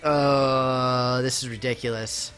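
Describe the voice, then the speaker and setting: With a flat delivery and slow pace, a young man speaks in a medium-pitched, fairly bright voice. Playing a game live, he chats casually with his viewers, poking fun at himself and his busy day as game music plays faintly.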